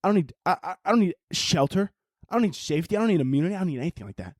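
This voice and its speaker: A man's voice: high voice, animated, very fast, no room sound, clean studio sound, voice pushed up. A man putting on the voice of a pushy, hype-talking entrepreneur who preaches in repeated phrases. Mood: preachy. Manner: preachy motivational patter, repeating himself.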